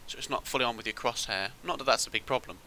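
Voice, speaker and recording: Bright-voiced man rambling through gameplay. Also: medium pitch, quick pace, vocal fry, a little hiss or hum, low-quality recording. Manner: rambling, thinks aloud with ums and restarts. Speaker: gaming channel host. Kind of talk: casual gameplay commentary.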